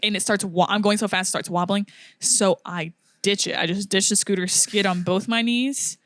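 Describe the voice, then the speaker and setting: A woman's voice: mid-range voice, moderate pace, no echo, studio quality. A young woman co-hosting a podcast, telling a story casually and acting out what people said. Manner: animated storyteller, acts out quotes, laughs often. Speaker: podcast co-host.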